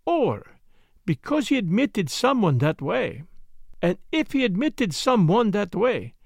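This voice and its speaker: A man's voice: high-pitched, very animated, slow pace, vocal fry, no room sound, clean studio sound, pitched above the performer's own voice, exaggerated voice. A man voicing a fussy, methodical little male detective in an audiobook reading. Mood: explaining. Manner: precise, methodical, faintly amused. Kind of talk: audiobook character voice.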